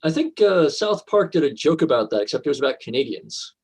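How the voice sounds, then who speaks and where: A man from Brooklyn, joining a casual chat with a husky, slightly high voice. He speaks in a wry drawl. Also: very animated, a little fast, a little mellow. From Brooklyn, USA.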